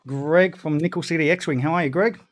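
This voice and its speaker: An Australian man hosting a casual chat, talking with frequent restarts. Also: fairly high pitch. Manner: chatty, laughing, halting restarts. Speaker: host.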